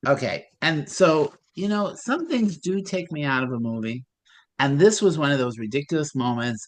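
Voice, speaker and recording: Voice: mid-range voice, moderate pace. A panelist in a casual movie discussion, talking with disbelief and firing off rhetorical questions. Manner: animated, incredulous, rhetorical questions. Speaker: film club panelist.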